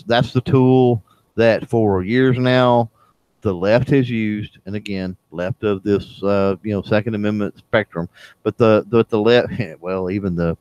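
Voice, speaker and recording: Man, casual chat, halting with lots of ums and restarts, dry close sound. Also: fairly low pitch, darkish tone, clean tone, no room sound. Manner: halting, many fillers and restarts. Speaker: livestream chat co-host.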